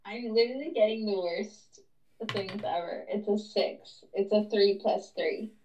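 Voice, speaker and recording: A woman's voice: medium pitch, a little slow, a little mellow. A woman player in a tabletop game, giggly and mocking her own bad luck. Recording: distant mic with faint noise.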